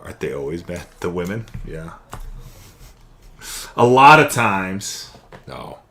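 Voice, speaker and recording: A man's voice: low-pitched, big pitch swings, takes it slowly, fairly bright tone, slight background noise. A young man hosting a live card-opening stream, chatting and calling out each card as he pulls it. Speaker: card break host.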